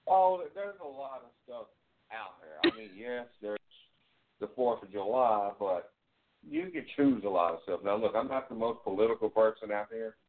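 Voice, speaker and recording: A man's voice: lowish voice, huge pitch swings, moderate pace. A man co-hosting a radio show, rambling through a story in easygoing casual chat. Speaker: radio co-host. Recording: tinny phone-like sound.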